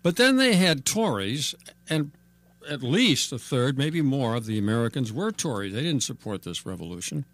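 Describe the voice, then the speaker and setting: A man's voice: medium pitch, very animated, moderate pace. A man hosting a radio talk show, chatting casually with a guest and asking wry questions. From Ireland. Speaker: radio host.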